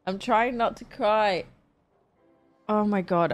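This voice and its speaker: A woman's voice: medium pitch, slow pace, long pauses. A woman streamer giving chatty, emotional let's play commentary, swearing freely as she reacts to the game. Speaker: gaming streamer.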